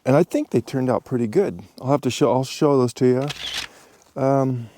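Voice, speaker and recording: Speaking at normal speed with a mellow, medium-pitched voice, an American man narrates his outdoor camping vlog on a handheld action camera; there's a little hiss or hum. The travel vlogger is easygoing and chatty on a desert cliff and campsite, dropping fillers and laughs.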